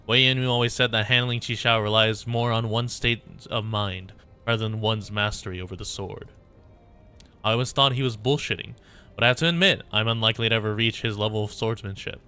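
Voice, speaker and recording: Man reads fierce swordswoman, game story; clipped orders, forceful tone. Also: lowish voice, brisk, clear, resonant tone, faint music behind. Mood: stern.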